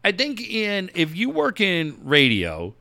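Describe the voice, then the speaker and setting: A man in his forties hosting radio talk, his voice bright and slightly high for a man. He swings his pitch widely as he tells blunt, profane stories. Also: huge pitch swings, slow, vocal fry, no echo. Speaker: radio host. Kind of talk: casual radio banter.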